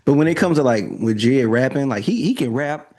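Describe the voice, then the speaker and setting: A man co-hosting a casual music podcast, with a mid-pitched, ordinary voice. He rambles loosely and leans on filler words. He sounds candid and easygoing. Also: lively intonation, a little fast, darkish tone. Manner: loose and rambling, full of "like" and "I don't know". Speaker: podcast co-host.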